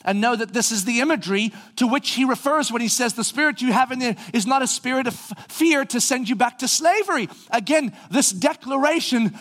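A man preaching a sermon, animated, acting out the people's voices and rising to shouts. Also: very high voice, fairly quick, few pauses. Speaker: pastor.

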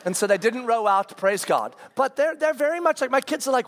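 Camp speaker, man in his forties, high voice, animated storytelling sermon full of restarts. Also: fairly quick. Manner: animated, with frequent restarts and stammers; acts out quoted people in raised voices.

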